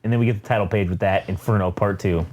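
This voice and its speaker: A man recapping a comic book in casual chat, animated and profane, voicing characters' lines as he reads them. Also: fairly low pitch, a little hiss or hum. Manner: animated, profane, reads comic dialogue aloud with quick voices. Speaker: comic book podcast host.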